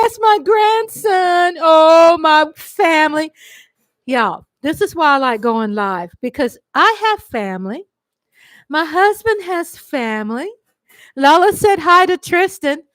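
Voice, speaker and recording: A grandmother from Texas, chatting effusively on her live stream and breaking into excited squeals. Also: fairly high pitch, dry recording. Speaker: livestream host. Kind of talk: casual live-stream chat.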